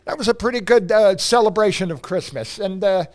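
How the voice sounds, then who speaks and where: A man co-hosting a podcast, reacting with jokes and speaking haltingly with many fillers. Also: high voice, darkish tone. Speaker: podcast co-host. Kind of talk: casual chat.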